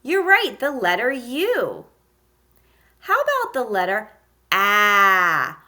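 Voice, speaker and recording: Woman, phonics lesson for small kids, slow pace, sounds out letters, lively pitch. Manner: slow, encouraging, sounds out letters with exaggerated emphasis. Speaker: kindergarten teacher. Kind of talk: phonics lesson for young children.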